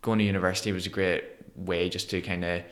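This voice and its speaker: A man in his thirties from Northern Ireland with a Northern Irish accent, a podcast guest telling his story in an animated way and acting out the voices of people he quotes. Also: low-pitched, fast talker. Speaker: guest, motivational speaker. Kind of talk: conversational storytelling interview.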